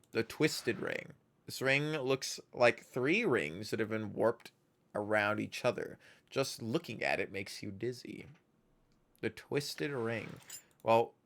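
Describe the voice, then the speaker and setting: A man's voice: medium pitch, a bit bright. A male streamer giving casual gameplay commentary, muttering to himself and reading game text aloud.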